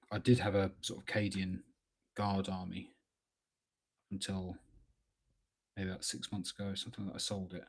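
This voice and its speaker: A man giving relaxed, rambling commentary while painting miniatures live, thinking aloud with lots of fillers. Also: deep voice, slightly rough. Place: at a hobby desk at home.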